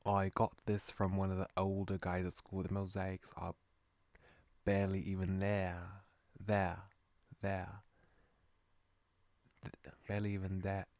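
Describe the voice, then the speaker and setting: Man doing a hushed Cockney schoolboy. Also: deep voice, monotone, unhurried, long pauses, no room sound. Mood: sly. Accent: put-on Cockney.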